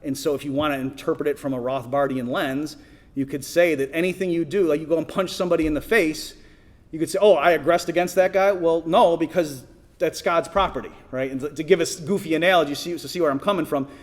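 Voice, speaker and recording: A man's voice: a little high, fairly even intonation, quick pace. A middle-aged man speaking at a conference, conversational, often checking in with the audience and restarting sentences. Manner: conversational, asks the audience, many restarts and "right?". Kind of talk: conference talk. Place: conference hall.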